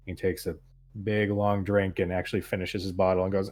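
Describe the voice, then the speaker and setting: Low-voiced male game master narrating. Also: brisk. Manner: relaxed, hesitant with fillers.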